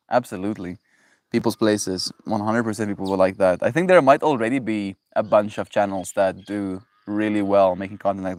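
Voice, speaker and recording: A man hosts his daily livestream, rambling loosely and greeting viewers as bro. His voice sits on the low side. The sound is dry and close, with no room echo. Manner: rambling, loose, talks to chat, says bro. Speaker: livestream host. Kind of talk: casual livestream chat.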